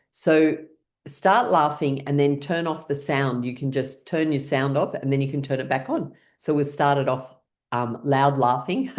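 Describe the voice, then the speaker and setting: A woman leading a guided laughter exercise class over a video call, encouraging everyone and breaking into deliberate laughs. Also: low voice, a little mellow. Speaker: laughter yoga leader.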